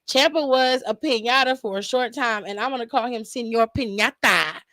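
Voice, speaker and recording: A woman's voice: on the high side, normal speed, fairly bright tone, dry recording. A young woman hosting a casual live-stream aftershow, chatty and laughing often, talking straight to her viewers from home.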